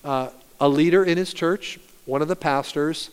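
Pastor, male, sermon delivery, smooth resonant voice, fairly high, swings loud to soft, reverberant church hall. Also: moderate pace. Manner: animated storytelling, rising loud and dropping soft. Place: church sanctuary.

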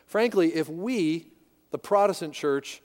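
A man's voice: on the high side, animated, a little slow, darkish tone. A man preaching a sermon as pastor, emphatic, repeating key words and asking rhetorical questions. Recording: long hall reverb.

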